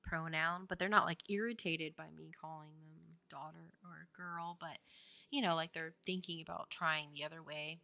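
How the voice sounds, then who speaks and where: A woman's voice: low voice, steady tone, normal speed, gravelly, bright, forceful tone. A woman in her thirties, a game developer on a stream, chatting casually, laughing often and filling her talk with "like". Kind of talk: casual chat.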